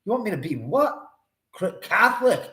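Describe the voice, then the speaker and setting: A man's voice: high voice, very animated, moderate pace, sharp tone, echoey room, pitched above the performer's own voice, full character voice. A man voicing a cranky, foul-mouthed male sea serpent who argues indignantly. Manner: indignant, swearing.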